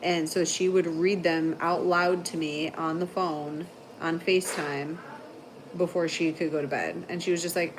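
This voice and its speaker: Woman, livestream host, rambling storyteller, lowish voice, faint hum behind. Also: level tone, measured pace. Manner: chatty storyteller, heavy "like" filler, frequent laughter. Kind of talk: casual livestream chat.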